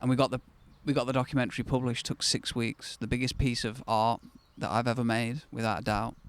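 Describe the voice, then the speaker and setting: A man's voice: mid-range voice, level tone, brisk, a little hiss or hum. A man in his thirties, the host of his own channel, telling a personal story to camera in a candid, conversational way that turns reflective and then bursts with enthusiasm.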